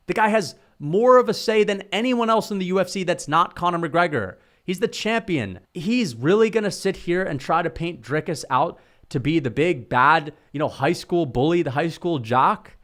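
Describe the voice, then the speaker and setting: A man's voice: high-pitched, lively intonation, moderate pace, fairly bright tone. A young man giving heated, opinionated solo commentary on fighters, full of slang and swearing. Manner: heated, slangy, swears, says bro and dude. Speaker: MMA commentary youtuber.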